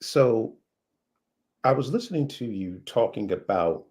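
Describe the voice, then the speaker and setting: Middle-aged male host, expressive rising-falling delivery, anecdotal and self-correcting. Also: lowish voice, unhurried. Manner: animated storyteller, self-correcting. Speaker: interview host. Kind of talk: interview conversation.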